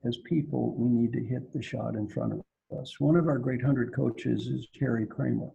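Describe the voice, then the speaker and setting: A man's voice: mid-range voice, moderate pace, vocal fry, breathy edge, dull audio. A man coaching leaders in an online Q&A, acting out characters as he tells stories. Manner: animated storyteller, acts out characters. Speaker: executive coach. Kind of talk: storytelling Q&A talk.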